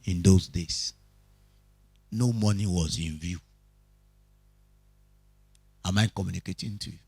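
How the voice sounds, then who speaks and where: In a dry recording, a low, husky, unhurried voice belongs to a Nigerian man, Yoruba-speaking, teaching a Bible study. His sermon is preachy, full of questions to listeners and energetic stories.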